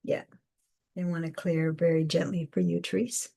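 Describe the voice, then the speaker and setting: A woman hosting a live spiritual guidance session, speaking softly with many fillers and repeated phrases. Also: lowish voice, level tone, normal speed, vocal fry. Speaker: intuitive guidance host.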